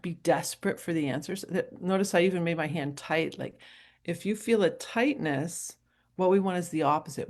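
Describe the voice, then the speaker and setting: A middle-aged woman from New Hampshire, giving a casual motivational talk as a coach, chatty and rambling and quick to laugh. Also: fairly low pitch, darkish tone. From New Hampshire, USA.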